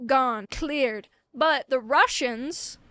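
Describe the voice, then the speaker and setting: A woman's voice: high voice, drawn-out words, fairly bright tone, no echo, clean studio sound. A woman hosting a casual comic-book history video, rambling and irreverent and swearing freely.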